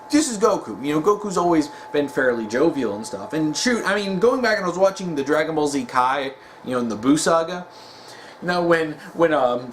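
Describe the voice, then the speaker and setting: A young man chatting casually in a rambling commentary, leaning on fillers and quick chuckles. His voice is slightly high and very lively in pitch. Faint noise sits behind him. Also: low-quality recording. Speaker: video commentator.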